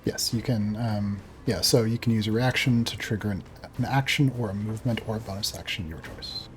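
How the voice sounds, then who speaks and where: Low-voiced man running a tabletop game. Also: slight background noise. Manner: deliberate, explains rules with pauses. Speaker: game master.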